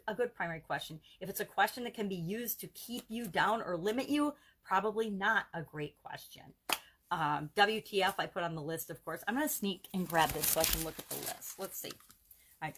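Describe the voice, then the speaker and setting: A woman with a medium-pitched, slightly rough, and a bit bright voice hosts a live coaching video. As a self-help challenge coach, she talks earnestly and casually, running through examples in rhythmic lists.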